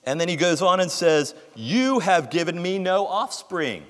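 Male preacher, earnest sermon delivery, slightly high voice, long hall reverb. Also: sing-song, a little slow, a bit bright. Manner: earnest expository preaching, reads scripture aloud with emphasis.

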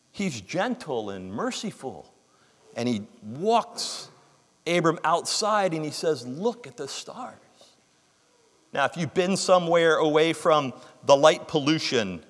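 A man's voice: a little high, fairly bright tone, long reverb tail. A man preaching a sermon, reading scripture aloud with emphasis and explaining it earnestly.

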